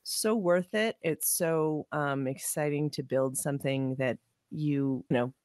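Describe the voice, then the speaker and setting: A woman's voice: low-pitched, a little slow, a little mellow, dry recording, studio quality. A woman hosting a podcast interview in an enthusiastic, chatty way. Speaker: podcast host. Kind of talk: casual interview chat.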